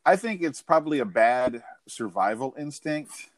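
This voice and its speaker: A man in casual chat, telling stories in a profane, rambling, animated way. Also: medium pitch, normal speed.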